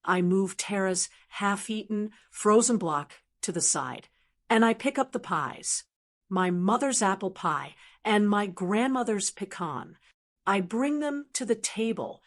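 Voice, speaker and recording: A woman's voice: mid-range voice, expressive, measured pace. Older woman narrating a personal story. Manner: emotional, reflective.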